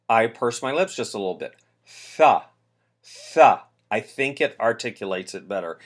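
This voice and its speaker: American male voice coach, low-pitched, relaxed explainer with spoken sound demos. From United States. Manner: demonstrates sounds, relaxed with fillers. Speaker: voice teacher. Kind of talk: explaining singing diction.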